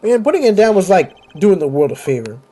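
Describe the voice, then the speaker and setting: A man's voice: high voice, sing-song, fairly quick, dark tone. A man voicing a brash young male gangster with a cocky, slang-heavy drawl in a game playthrough. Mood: swaggering.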